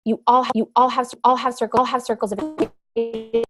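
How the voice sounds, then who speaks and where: Animated woman giving a motivational talk. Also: fairly high pitch, normal speed, over music. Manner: animated storytelling, acts out her own past panic. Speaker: motivational speaker. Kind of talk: motivational talk to a team meeting.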